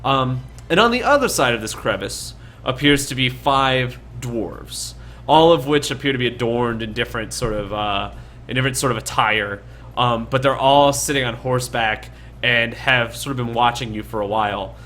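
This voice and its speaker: A man's voice: medium pitch, moderate pace, a bit bright, a little hiss or hum. A young man narrating casually as dungeon master, rambling with lots of fillers. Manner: rambling, filler-heavy, laid-back. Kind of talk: casual tabletop game narration.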